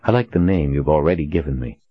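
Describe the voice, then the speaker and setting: A cool, controlled gentleman with a very deep, husky voice, as the narrator plays him. He speaks in a measured, understated way, recorded dry and dull. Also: animated, no echo. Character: wealthy, cool, controlled male customer.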